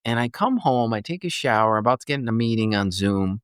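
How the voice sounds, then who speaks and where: Speaking fairly quickly in a clean, mid-range voice, a former nurse turned coach in his fifties shares a personal story in a podcast interview. The recording is dry and studio quality, and he's an animated, loose storyteller who restarts often and performs other people's lines.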